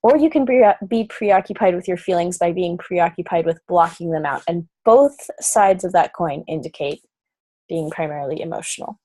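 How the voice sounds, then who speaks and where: A woman teaching an energy-healing class, earnest and reassuring, guiding listeners through slow breathing steps. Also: fairly low pitch, mellow, dry recording. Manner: earnest, reassuring, with frequent "um"s and guided breathing prompts. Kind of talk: recorded class lecture.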